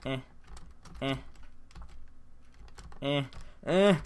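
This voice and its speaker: A young man with a sore throat talks through his gameplay in a bright, forward voice. He rants and swears as jump after jump goes wrong. His commentary stays loose and casual, with a middling pitch. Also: normal speed. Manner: frustrated, ranting, swearing at failed jumps. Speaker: gaming channel host.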